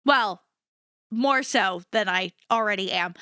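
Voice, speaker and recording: Woman streamer rambling and cussing, high voice that jumps all over, slow easygoing talk. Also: very animated, sharp tone, no room sound, studio quality. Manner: ranting, swears freely, jokey and self-mocking. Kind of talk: casual chat.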